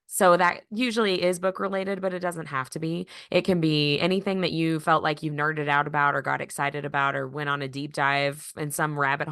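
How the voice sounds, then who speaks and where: A woman's voice: low voice, bright, forceful tone, no echo, clean studio sound. A woman hosting a podcast interview, asking questions in a friendly, encouraging way. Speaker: podcast host. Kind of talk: casual interview chat.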